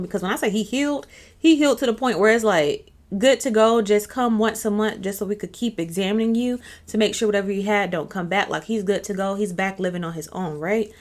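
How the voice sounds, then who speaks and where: Chatty woman telling a story. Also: medium pitch. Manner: chatty, keeps checking in with the listener. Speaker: channel host. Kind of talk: casual storytime narration.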